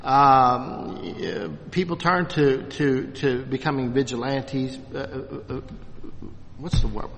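A man's voice: mid-range voice, animated, a bit bright, slight background noise. A man teaching a Bible class in a loose, unscripted way, talking in stops and starts with many restarts and fillers. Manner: halting, many restarts and fillers, self-deprecating. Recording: distant mic, long hall reverb.

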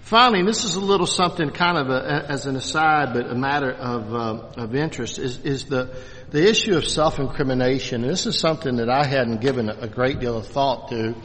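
A man's voice: medium pitch, fairly bright tone. Man teaching in a reverberant hall. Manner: halting, many restarts and fillers, self-deprecating. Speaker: Bible teacher. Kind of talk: unscripted church class teaching. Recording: distant mic, long hall reverb.

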